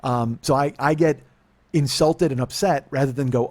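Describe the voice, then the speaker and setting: Profane, confessional man in his forties. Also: moderate pace. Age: 40s. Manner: profane, self-deprecating, swings from low mutter to loud outbursts. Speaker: podcast host. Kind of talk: confessional comedic storytelling.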